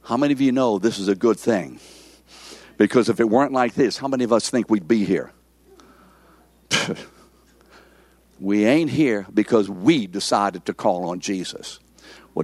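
A man's voice: fairly low pitch, no room sound. A man preaching a sermon, emphatic and repetitive, often calling on the congregation for amens. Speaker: pastor.

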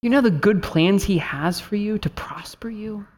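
A man's voice: high voice, moderate pace, a little mellow. A man in his thirties, a pastor preaching an earnest sermon and telling a family story, rising at times to fervent appeals.

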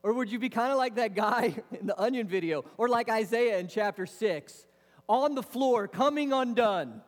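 A male pastor preaching a sermon, lively, with rhetorical questions and casual asides to the congregation. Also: high-pitched, moderate pace. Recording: long reverb of a large hall.

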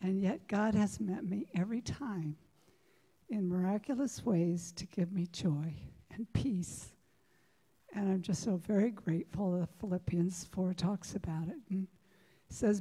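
A woman's voice: mid-range voice, unhurried, dark tone, husky. A middle-aged woman giving a heartfelt testimony of thanks in church, quoting scripture. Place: church sanctuary. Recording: long church hall reverb.

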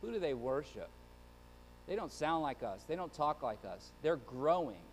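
A man's voice: a little high, very animated, normal speed, a little hiss or hum, voice pushed down, low-quality recording. A man voicing a fearful, suspicious ancient king who grumbles distrust of strangers.

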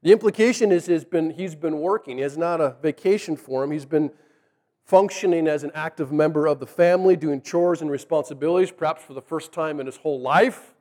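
A male preacher with a high voice retells the story in a casual, animated way, slipping into the characters' lines as he goes. His voice rings out with the long reverb of a big hall. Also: fairly quick. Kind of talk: sermon storytelling.

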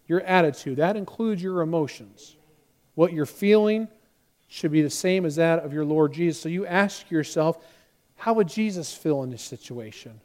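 A pastor delivers a sermon in a darkish-toned voice that's high for a man, preaching with animation and taking on the voices of those he quotes.

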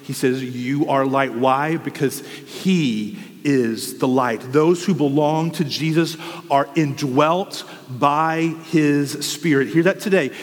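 Man, pastor, impassioned sermon, rhetorical questions, slightly high voice, long hall reverb. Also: slow.

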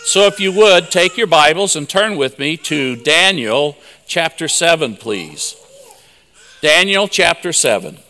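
A man's voice: a little high, lively intonation, measured pace, pushed and bright, in a large hall. A man giving a sermon at a conference, telling folksy personal stories with chuckles. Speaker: conference speaker.

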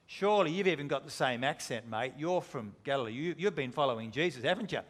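A man's voice: medium pitch, expressive, quick pace, fairly bright tone, pitched below the performer's own voice. A man voicing a blunt bystander who prods and accuses. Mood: accusing. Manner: blunt, prodding questions. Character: pushy male bystander accusing a stranger.

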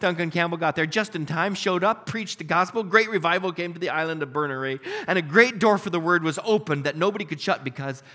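A man preaching a sermon, telling a story and acting out its characters with lively expression. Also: high-pitched, brisk. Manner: animated, voices characters in stories. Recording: reverberant hall.

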